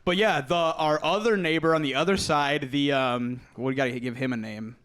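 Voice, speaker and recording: A man's voice: on the high side, moderate pace. A young man co-hosting a podcast, telling a story in casual chat and acting out the people in it, laughing often. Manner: animated storyteller, acts out quoted voices, laughs often. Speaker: podcast co-host.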